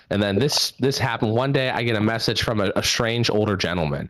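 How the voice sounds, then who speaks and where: A man's voice: on the low side, lively intonation, a little fast, fairly bright tone, dry recording. A man in his thirties from southwestern Pennsylvania doing a rambling, self-deprecating stand-up set into his laptop. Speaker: stand-up comedian.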